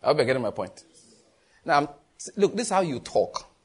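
A man with a Nigerian accent preaching a sermon as pastor, telling lively stories with quick asides and bursts of laughter. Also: fairly high pitch, husky.

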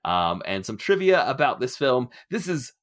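A middle-aged man hosting a casual podcast discussion, animated and laughing often as he acts out quotes. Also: mid-range voice, normal speed. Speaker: podcast host.

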